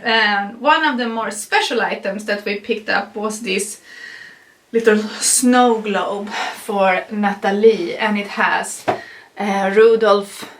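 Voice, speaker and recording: A woman's voice: medium pitch, steady tone, takes it slowly, fairly bright tone. A young adult woman vlogging casually to camera, a little out of breath, chatty and giggly with many fillers and restarts. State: slightly out of breath. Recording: roomy, voice a bit far from mic.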